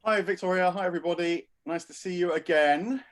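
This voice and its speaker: British male speaker, high voice, thoughtful rambling over video call. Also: a little fast. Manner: thoughtful, meandering with fillers. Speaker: philosophy speaker. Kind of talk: casual talk on video call.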